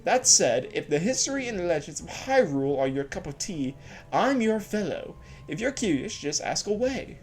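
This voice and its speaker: A man's voice: a little high, very animated, moderate pace, faint music behind. A man voicing a polite, formal, bookish young scholar who is a bit nervous.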